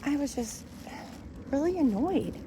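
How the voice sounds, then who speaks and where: A middle-aged woman vlogger walks her dogs outdoors and records on her phone, chatting and venting casually with lots of fillers. Her voice sits high and sounds animated but unhurried, with background noise around her.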